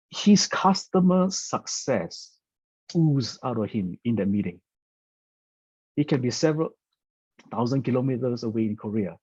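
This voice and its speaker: A man with a husky, slightly breathy voice tells a story in a chatty, informal way, tripping over and repeating his words as he goes. The recording is dull and dry, with no room sound. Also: medium pitch, animated, moderate pace, pauses often, darkish tone, dry recording. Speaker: business presenter. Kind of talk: storytelling talk.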